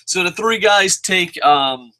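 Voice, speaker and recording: In a high-pitched, slow voice, a man hosts a casual wrestling show review. He's excitable and profane, rambling, restarting, and bursting into shouts.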